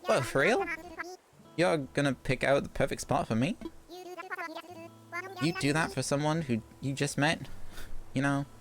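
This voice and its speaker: A woman voicing a cheerful, eager island villager with a rough put-on Australian accent, reading game lines in a bubbly way. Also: rumbling low, expressive, measured pace, long pauses, music in the background, pitched above the performer's own voice, full character voice. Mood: delighted.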